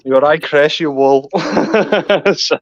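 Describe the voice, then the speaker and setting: A man's voice: on the high side, slow pace, no room sound, dull audio. A man from Merseyside with a Scouse accent, chatting casually with local slang. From Merseyside, England. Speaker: guest. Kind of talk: casual chat.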